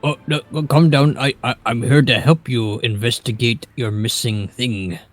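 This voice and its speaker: An eager, good-natured ogre in a fantasy tabletop game who stammers over his words, keen to help and a little slow on the uptake, as a man plays him in a mid-pitched everyday voice. He talks casually as a player at the table. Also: fairly even intonation, soft background music, natural voice. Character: gentle, dim-witted ogre sailor.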